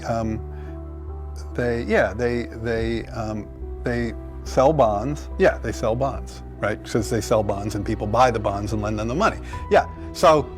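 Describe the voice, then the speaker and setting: Male discussion guest, hesitant, stop-start, faint music under. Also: medium pitch. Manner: hesitant, many restarts. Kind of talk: casual discussion.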